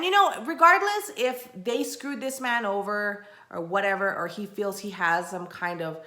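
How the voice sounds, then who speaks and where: Exasperated woman vlogger in an echoey room. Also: lowish voice. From Texas. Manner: animated, acts out quoted people, exasperated rants. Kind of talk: casual storytelling.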